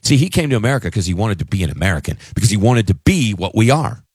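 Emphatic male talk radio host, lively pitch. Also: fast talker, slightly rough, no room sound. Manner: emphatic, conversational, argumentative.

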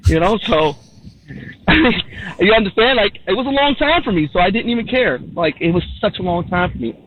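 A man's voice: high voice, expressive, a little fast. Rambling New York man on a tinny phone line. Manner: rambling, repeats himself, many "you know" fillers. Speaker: guest comedian. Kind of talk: storytelling on a radio show.

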